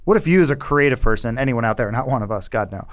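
A man's voice: mid-range voice, expressive, quick pace. A man co-hosting a movie podcast in casual chat, rambling and repeating himself, half-joking. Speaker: podcast co-host.

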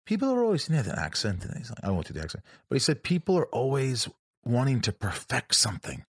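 A man's voice: mid-range voice, sing-song, a little fast, slightly rough, dry recording, studio quality. A man hosting a casual podcast interview, rambling, joking and swearing freely. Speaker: podcast host.

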